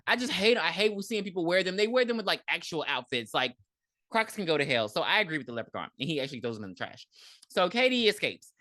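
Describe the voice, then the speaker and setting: A woman co-hosting a podcast, recapping a movie in blunt, profane, animated casual chat. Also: lowish voice, fast talker, dry recording, clean studio sound. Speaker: podcast co-host.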